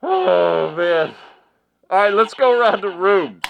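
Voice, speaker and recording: A man's voice: high voice, expressive, slow pace, vocal fry, narrow, tinny audio. A man giving mocking commentary in a vlog, laughing often and repeating phrases like a ring announcer. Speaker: online commentary vlogger.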